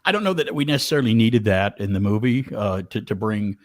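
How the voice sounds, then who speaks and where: A man's voice: on the low side, animated, fast, no room sound. Chatty man on a dry mic. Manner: chatty, enthusiastic, repeats himself. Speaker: podcast co-host. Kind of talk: casual chat.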